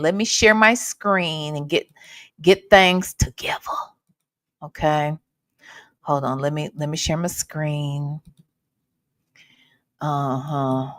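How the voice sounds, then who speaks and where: A woman's voice: sits low, a bit bright, no room sound. A woman hosting a casual livestream, sassy and playful, greeting her viewers by name. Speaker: livestream host.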